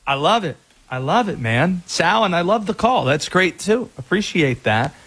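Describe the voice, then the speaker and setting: A man's voice: high-pitched, big pitch swings, normal speed, a bit bright, husky. A man hosting a sports radio talk show, upbeat and joking with callers. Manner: upbeat, joking, laughs easily.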